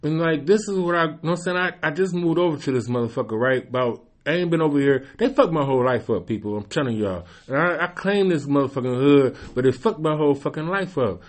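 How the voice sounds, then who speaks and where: A man's voice: on the high side, lively intonation, fast talker, few pauses. A man casually telling a long childhood story to a friend, rambling, swearing freely and often adding "you know what I'm saying". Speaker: storyteller in a live chat. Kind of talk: casual chat.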